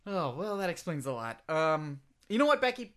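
A man's voice: on the high side, very animated, moderate pace, a bit bright, clear, resonant tone. A man with an English accent hosting a comedy podcast, rambling and hesitant with lots of fillers. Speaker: podcast host.

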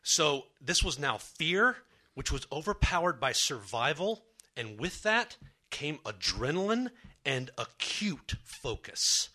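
A man's voice: medium pitch, lively intonation, measured pace, sharp tone. A young man performing a true story on a comedy stage, dramatic and self-mocking.

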